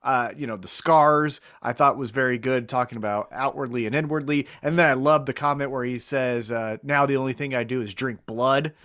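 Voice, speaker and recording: A man's voice: medium pitch, steady tone, normal speed, few pauses, fairly bright tone. Enthusiastic man co-host. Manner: enthusiastic, swears, frequent "right?" checks. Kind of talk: casual podcast chat.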